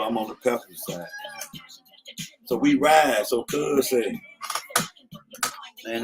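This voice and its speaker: A middle-aged man casually telling old street stories, slangy, often saying "you know what I'm saying". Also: medium pitch. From Atlanta, USA. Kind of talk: casual storytelling. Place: in a car.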